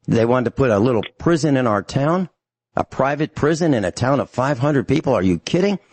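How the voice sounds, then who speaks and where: A man's voice: medium pitch, lively intonation, brisk, a little mellow, no room sound. A man hosting a talk radio show, ranting angrily and emphatically to his listeners.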